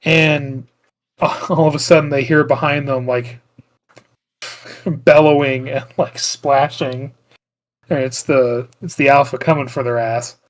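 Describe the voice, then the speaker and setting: Slow and fairly even in intonation, this mid-range male voice belongs to a podcast co-host. He rambles through a film recap in casual chat, leaning heavily on "like" and other filler words and often starting over.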